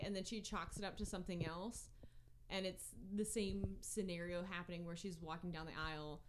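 A woman's voice: fairly low pitch, steady tone, a little fast, slight background noise. A woman co-hosting a casual book podcast, chatty and full of fillers as she retells scenes. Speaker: podcast co-host.

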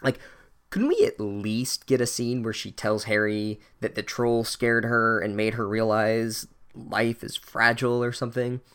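A man giving a sarcastic, exasperated and profane comedic book recap. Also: medium pitch. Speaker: book reviewer.

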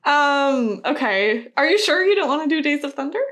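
A woman's voice: high-pitched, expressive, normal speed, fairly bright tone. A woman co-hosting a casual podcast, giggly and hesitant as she reads out movie news. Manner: giggly, self-conscious, often laughing and hesitating with ums. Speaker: podcast co-host.

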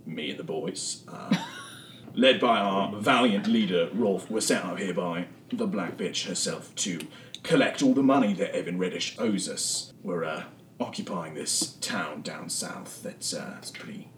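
A man voicing a rude, gruff male thug captain in a tabletop game. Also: low-pitched, unhurried, voice pushed down. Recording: echoey room, mic far off, faint noise.

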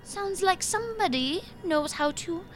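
A woman voicing a sly old female swamp hag with a distorted, cackling voice that swoops from whispers to high notes. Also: animated, measured pace, fairly bright tone, faint music behind, exaggerated voice. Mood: scheming.

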